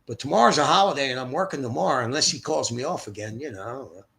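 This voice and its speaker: Using a streaming setup mic, an older Philadelphia livestream host rambles through casual chat, blunt and full of profanity. He talks quickly in a mid-range voice that is pushed and bright with vocal fry, and there's a bit of hiss or hum.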